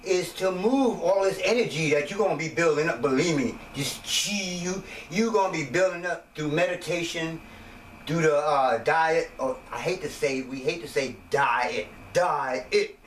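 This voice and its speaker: A self-made wellness teacher gives a rambling, joking monologue about his wellness system, now and then putting on voices. His voice is a little high at a normal speed, recorded from a distance in an echoey room with faint noise.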